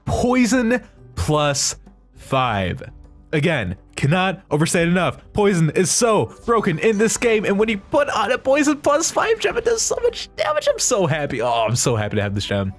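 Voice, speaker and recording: A man hosting a let's play, giving excitable, jokey game commentary. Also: sits high, moderate pace, soft background music.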